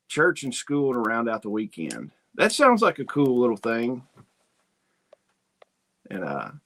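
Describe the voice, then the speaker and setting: A man's voice: medium pitch, fairly bright tone. A man hosting a homesteading livestream, chatting casually, reading viewer comments and telling rambling, folksy stories. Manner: rambling, folksy storytelling with quoted asides. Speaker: homesteading channel host.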